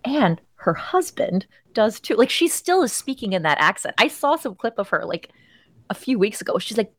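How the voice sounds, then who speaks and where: A woman co-hosting a podcast, chatting in a gossipy, animated way with a steady stream of fillers. Her voice sits at a middle pitch, and the sound is close and dry. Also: moderate pace, dry recording. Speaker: podcast co-host. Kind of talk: casual chat.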